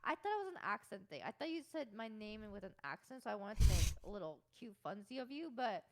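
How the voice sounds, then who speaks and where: A young woman guesting on a casual podcast chat, excitable and teasing, with loud outbursts. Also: mid-range voice, fast talker. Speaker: guest streamer.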